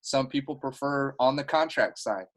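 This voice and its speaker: A man's voice: mid-range voice, normal speed, fairly bright tone, poor audio. A man leading his team's video call meeting, talking in an earnest, heartfelt and rambling way. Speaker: team leader. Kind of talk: motivational team meeting talk.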